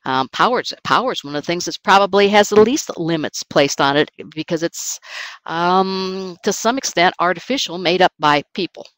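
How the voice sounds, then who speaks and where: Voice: medium pitch, moderate pace, fairly bright tone, no room sound, low-quality recording. An online course instructor giving a recorded lecture presentation in a conversational way, with informal asides to the class.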